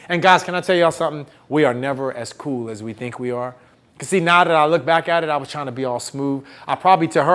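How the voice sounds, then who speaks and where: Motivational speaker, male, slightly high voice, animated storyteller who gets the crowd answering back. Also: quick pace. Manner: animated, acts out the voices of people in his story; calls out to the audience and gets them to answer back. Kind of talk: storytelling keynote to students. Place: campus event hall.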